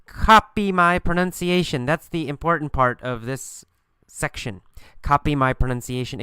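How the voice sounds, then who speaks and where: A man's voice: a little high, expressive, moderate pace, pushed and bright, clean tone, no room sound, studio quality. A man teaching an English lesson by telling a story, asking questions and answering them himself with emphatic repetition.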